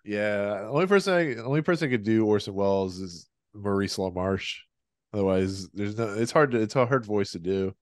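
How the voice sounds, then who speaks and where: A laid-back man hosting a casual podcast, playful and easygoing. His voice is lowish and smooth. It sounds dry and close, with no room sound. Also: brisk, no echo. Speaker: podcast host. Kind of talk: casual chat.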